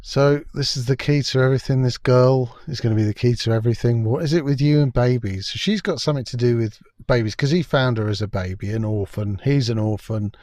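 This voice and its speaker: A man's voice: mid-range voice, fairly quick, few pauses, a little mellow, no echo, clean studio sound, faint music behind. Scornful male TV reviewer ranting. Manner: sarcastic, scornful, swears freely. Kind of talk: ranting video review commentary.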